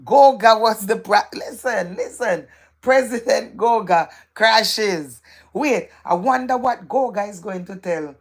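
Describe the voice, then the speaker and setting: A woman's voice: mid-range voice, unhurried. A woman hosting a live stream, reading viewers' comments aloud in a playful, gossipy way and repeating phrases for emphasis.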